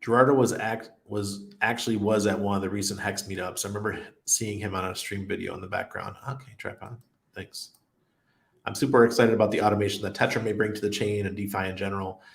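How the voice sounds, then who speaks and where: A man's voice: fairly low pitch, steady tone, fast talker, creaky. A middle-aged man hosting a casual crypto livestream, reading viewer comments and rambling through anecdotes with frequent laughs. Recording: roomy echo.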